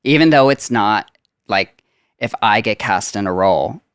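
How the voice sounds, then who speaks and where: Young male podcast guest, low and resonant, casual and rambling, dry close mic. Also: expressive, normal speed, fairly bright tone, smooth, no room sound. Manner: chatty, lots of filler "like". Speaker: guest, Disney character performer.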